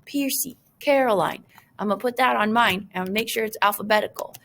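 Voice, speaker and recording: A woman's voice: medium pitch, fairly quick, creaky, fairly bright tone. A woman teacher talking through a screen-recorded lesson, chatty and full of fillers, with joking asides to her students.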